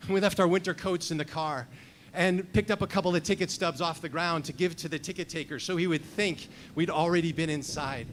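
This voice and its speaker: A man in his fifties voicing his brash old high school best friend with a New York accent. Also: fairly even intonation, brisk, a little hiss or hum, close to an everyday voice. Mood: nostalgic. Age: 50s.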